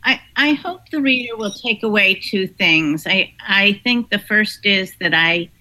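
A woman author answering interview questions in a measured, explanatory way. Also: medium pitch, sharp tone, low-quality recording. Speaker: author and guest.

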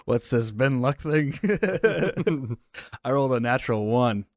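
A man's voice: medium pitch, animated, slow pace, a little mellow, no room sound. A man playing a tabletop game in a playful way, often laughing. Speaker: player.

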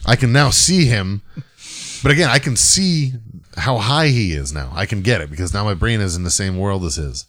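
Low-voiced man telling a rambling story. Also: animated, moderate pace, fairly bright tone. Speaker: podcast co-host. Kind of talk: casual chat, storytelling.

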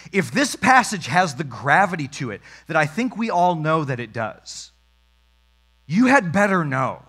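A man's voice: on the high side, fairly bright tone. A man preaching a sermon as pastor, talking straight to his congregation with emphasis.

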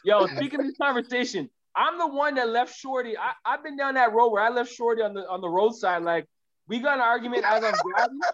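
A man's voice: very high voice, a little fast, fairly bright tone, lo-fi sound. A man co-hosting a podcast, brash and joking, full of slang in casual chat. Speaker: podcast co-host.

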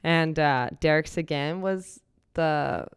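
A woman comedian telling stories in casual chat, animated, acting out the people she quotes. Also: low-pitched, smooth, dry recording, clean studio sound. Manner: animated, quick storyteller who acts out the people she quotes. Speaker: comedian guest. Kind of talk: casual storytelling.

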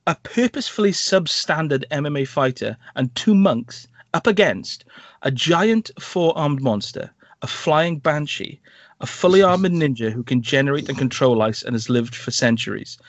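A man's voice: a little high, moderate pace, no room sound, dull audio. A man, a podcast co-host, chatting casually through a film review, rambling and sarcastic. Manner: animated, rambling, sarcastic asides.

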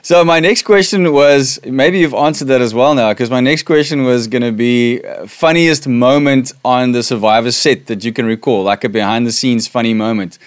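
A man's voice: medium pitch, normal speed, few pauses. A man hosting an interview, asking chatty, run-on questions. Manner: chatty, questions flow into each other. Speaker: interviewer, host. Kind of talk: casual interview.

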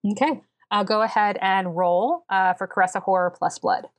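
A woman's voice: mid-range voice, moderate pace. A woman running a tabletop role-playing game, narrating descriptively with many fillers. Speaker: game master.

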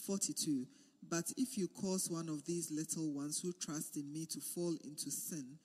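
A man reading scripture aloud in a steady, measured way during a sermon. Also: on the high side, husky, big-room sound. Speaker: scripture reader.

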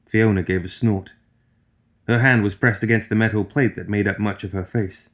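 A man reads a fantasy story aloud as an audiobook narrator, with a voice that sits fairly low. His delivery is even and steady, moving the story along without fuss. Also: moderate pace.

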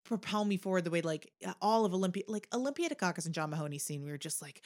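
Animated woman dissecting a film. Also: very fast. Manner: analytical, jumps into high exclamations. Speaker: podcast co-host. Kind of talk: casual film discussion.

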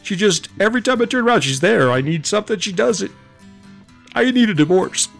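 A man putting on the high, pleading voice of a crying husband begging a judge for a divorce. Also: animated, a little fast, vocal fry, fairly bright tone, faint music behind, full character voice. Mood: mock whining. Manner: high, pleading mock whine.

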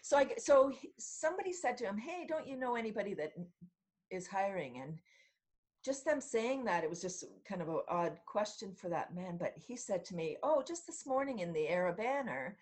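Animated, laughing middle-aged woman storyteller. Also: mid-range voice, moderate pace. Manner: animated, laughs often, acts out quotes. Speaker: podcast guest. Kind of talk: casual storytelling in an interview.

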